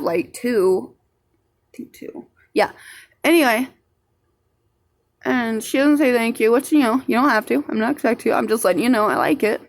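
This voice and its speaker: Chatty young woman with a higher voice. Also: fairly bright tone. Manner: chatty, rambling, heavy swearing. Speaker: vlogger. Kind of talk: casual storytime vlog.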